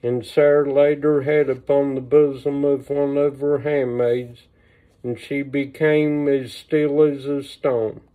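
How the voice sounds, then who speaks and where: A man reading an old religious text aloud on a livestream, slow and measured, with small asides, recorded on a phone. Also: mid-range voice, little pitch movement. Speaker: reader. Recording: tinny phone-line sound.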